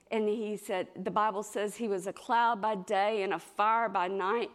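A middle-aged woman preaches a sermon with animated storytelling. Her pitch sits in the middle, and she jumps into higher, brighter voices when she acts out what others said.

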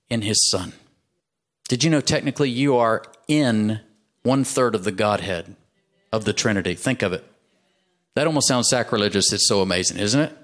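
A man preaches to his congregation at a middle pitch, emphatic and animated. He pushes key phrases and gets the room to say them back to him. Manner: emphatic, call-and-response with congregation. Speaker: pastor. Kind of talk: sermon.

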